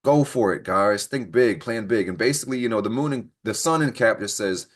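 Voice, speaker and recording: A man's voice: fairly low pitch, a little fast. A young man hosting a casual astrology show, joking, swearing freely and laughing often, recorded on a computer call. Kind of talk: casual weekly astrology talk. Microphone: computer mic on a screen-recorded call.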